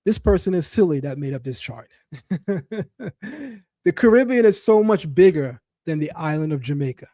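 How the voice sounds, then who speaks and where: A middle-aged man, the son of West Indian parents, hosting a commentary talk to a live chat in an animated, mocking, emphatic way, often restarting his phrases. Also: fairly high pitch, moderate pace, long pauses, no echo, studio quality. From child of West Indian parents. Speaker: host.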